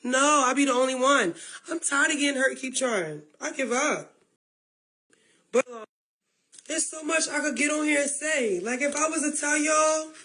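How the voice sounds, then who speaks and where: A woman's voice: sits high, fairly bright tone, low-quality recording. A woman talking on a livestream, close to tears, pleading and repeating herself. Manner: pleading, repetitive. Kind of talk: emotional livestream talk.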